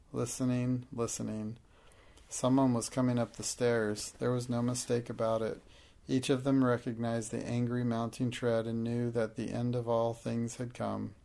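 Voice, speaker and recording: A man narrating a storybook in a measured, even reading. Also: mid-range voice, vocal fry. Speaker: audiobook narrator.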